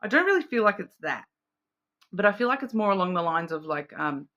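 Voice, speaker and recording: A woman's voice: mid-range voice, big pitch swings, a little fast, pushed and bright. An Australian woman giving a casual, intuitive card reading, rambling with many fillers and restarts. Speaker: card reader.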